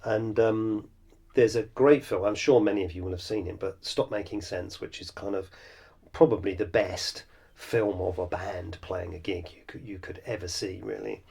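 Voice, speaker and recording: Gravelly rambling male podcaster. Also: fairly low pitch, fairly even intonation, moderate pace, a little mellow. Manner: rambling, self-deprecating, many fillers and restarts. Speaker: podcast host and songwriter. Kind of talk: reflective solo podcast monologue.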